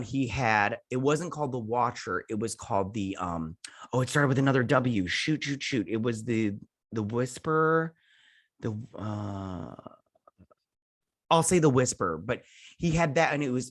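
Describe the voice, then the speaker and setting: A man's voice: medium pitch, expressive, normal speed. A man hosting a show, recapping an episode in a loose, rambling way, full of fillers and restarts, now and then slipping into goofy voices for quotes. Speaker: show host reviewing a TV episode.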